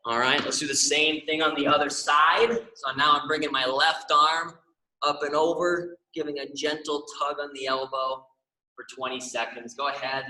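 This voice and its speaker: A man's voice: a little high, level tone, normal speed, sharp tone, echoey room, far from the mic, poor audio. A young man leading a stretching class, upbeat and encouraging, often checking in with the class. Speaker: exercise class instructor.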